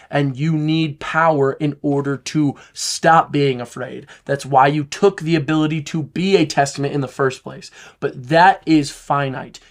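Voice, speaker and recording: A man voicing a calm, earnest male crew member who speaks to his old captain slowly and solemnly. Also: on the high side.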